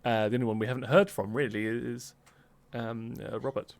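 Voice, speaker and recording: A man's voice: medium pitch, fairly even intonation, brisk, dry recording. Hesitant man running the game. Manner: hesitant, filler-heavy. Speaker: game master. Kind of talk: casual narration of a tabletop game.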